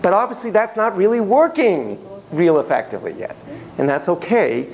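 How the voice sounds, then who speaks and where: A man working as a child psychotherapist in a play therapy demonstration, talking gently and reflectively in a playroom. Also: sits high, lively intonation, moderate pace, rough recording.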